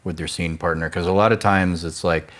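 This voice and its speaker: A man hosting an interview, asking questions in a relaxed way and giving short replies. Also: low-pitched, a little fast. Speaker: talk show host, filmmaker. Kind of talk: candid interview conversation.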